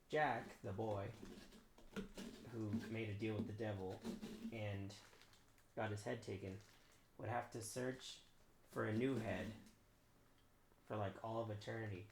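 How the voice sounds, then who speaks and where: A man's voice: fairly low pitch, a little slow, long pauses. A man streaming himself carving a pumpkin, chatting casually and rambling with fillers. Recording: roomy with clear background noise.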